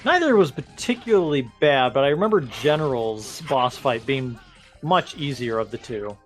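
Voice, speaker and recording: A man's voice: medium pitch, lively intonation, moderate pace, faint music behind. A man co-hosting a gaming video, chatting drily and explaining things at length. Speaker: co-host. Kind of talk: casual gaming chat.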